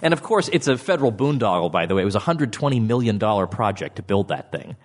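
A middle-aged man giving a speech to an audience as an author, with a sardonic, mocking tone and sudden jumps in pitch. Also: very animated, fast talker, slight background noise.

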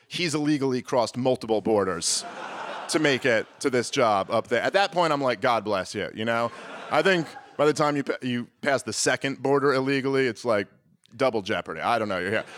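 A man doing stand-up, telling a story in an animated way and pushing his voice high and loud when he acts out his own exasperation. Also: no room sound. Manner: animated, climbs to near-shouting exasperation when acting out arguments. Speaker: stand-up comedian.

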